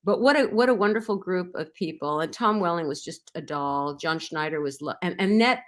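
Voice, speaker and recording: A middle-aged actress recalling her time on a show in a relaxed interview, rambling with many fillers and restarts. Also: lowish voice, brisk. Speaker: actress guest. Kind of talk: casual interview anecdotes.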